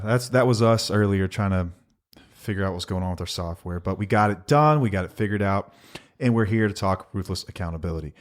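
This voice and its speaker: Guy in his 40s, podcast host, voice jumps all over, a bit sarcastic. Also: fairly low pitch. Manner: sarcastic, emphatic storytelling. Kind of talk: casual podcast chat.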